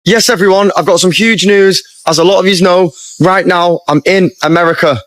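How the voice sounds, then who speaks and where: A man's voice: high-pitched, steady tone, normal speed, fairly bright tone, no room sound. A man recording a farewell message to his followers in a matey way, keeps calling them boys.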